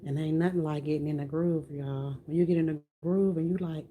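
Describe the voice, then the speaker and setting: A woman with a gentle country twang chats on a livestream while she roots hair into a reborn doll. Her voice sits low and unhurried, loose and conversational. A faint hum of room noise stays behind her. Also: fairly even intonation. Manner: chatty, talks while rooting doll hair. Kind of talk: casual livestream chat while working.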